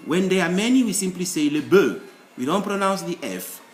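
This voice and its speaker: A man's voice: high voice, lively intonation, a little fast, soft background music. Man teaching French in an echoey room. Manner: explanatory, repeats example words, emphatic rises. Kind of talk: screen-share language lesson.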